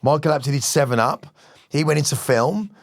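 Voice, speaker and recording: A man's voice: a little high, lively intonation, normal speed, no echo, clean studio sound. Sweary middle-aged man. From West Midlands, England. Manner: swearing, rambling, passionate. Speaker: musician guest. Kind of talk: casual interview chat.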